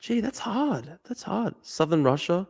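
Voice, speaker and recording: A man streaming a guessing game, thinking aloud, swearing and getting excited. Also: high-pitched, measured pace, husky. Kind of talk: live-stream commentary while playing a guessing game.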